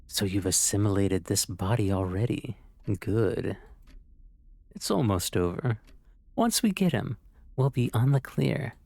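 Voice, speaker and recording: A man's voice: lowish voice, expressive, measured pace, gravelly, pauses often, darkish tone, no room sound, exaggerated voice. A man voicing a stern, cold woman who curtly accuses her neighbor, in a horror game playthrough. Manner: curt, accusing.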